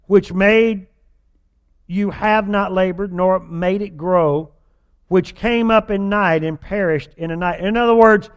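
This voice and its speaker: A man with a fairly high-pitched voice preaches in a folksy, humorous way. He mixes scripture reading with playful asides and exaggerated whining impressions. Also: steady tone, unhurried, clear, resonant tone. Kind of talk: sermon.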